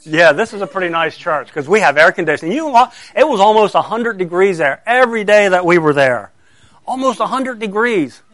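A man's voice: sits high, expressive, fairly quick, fairly bright tone, no echo. A middle-aged man, a pastor telling a story to children and asking them questions as he goes. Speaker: pastor giving a children's sermon.

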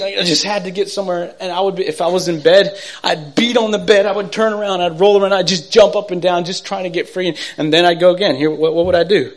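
A middle-aged man giving an emotional personal testimony, halting and repetitive, swinging from urgent to hushed. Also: high-pitched, fairly even intonation. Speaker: testimony speaker.

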